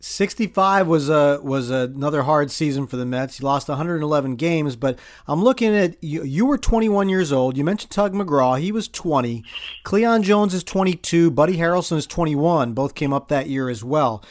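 A man hosting an interview, asking curious, engaged questions and reacting warmly to the stories. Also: a little high, animated, moderate pace. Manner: curious, engaged questioner who laughs along. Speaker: interviewer, host. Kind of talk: conversational interview.

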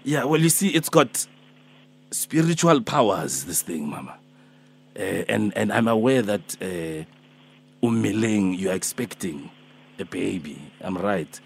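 A man's voice: fairly low pitch, very animated, measured pace, creaky, husky, heavily acted. A man voicing a fussy, pleading elderly man who chases a debt in a prank phone call, rambling and hesitant. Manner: rambling, hesitant, calls her Mama and my darling.

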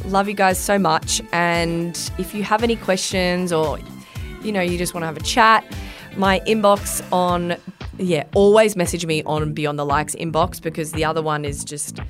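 A woman in her thirties hosting a podcast in a studio, chatting casually and rambling with filler words. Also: lowish voice. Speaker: podcast host.

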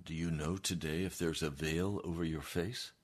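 A man's voice: extremely low pitch, steady tone, normal speed. A male pastor preaching an earnest, emphatic sermon.

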